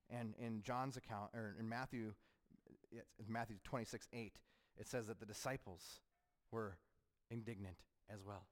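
A man preaching a sermon, asking rhetorical questions and acting out the voices of critics. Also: medium pitch. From United States. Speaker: pastor.

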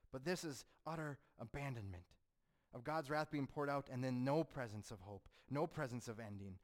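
Man preaching with dramatic hushed drops. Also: mid-range voice. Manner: swings between fervent rises and hushed, solemn drops. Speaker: pastor. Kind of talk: sermon.

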